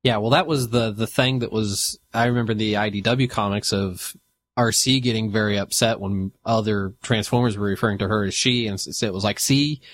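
A man co-hosting a casual podcast, speaking haltingly with many fillers and restarts. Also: lowish voice, fairly even intonation, dry recording. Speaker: podcast co-host.

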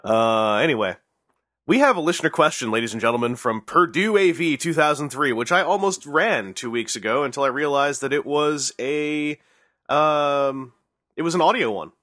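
On a podcast, a man hosts a casual chat, joking with and teasing his co-host like a showman. His voice is fairly high and expressive, with a moderate pace and a fairly bright tone, captured in a dry, clean studio recording.

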